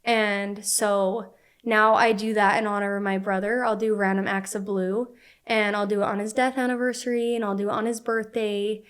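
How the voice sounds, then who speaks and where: A woman's voice: mid-range voice, level tone, normal speed, smooth. A woman in her twenties, a podcast guest telling personal stories in an earnest, casual way, peppering her speech with "like.". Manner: earnest, heavy use of "like" fillers. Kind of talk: casual conversational storytelling.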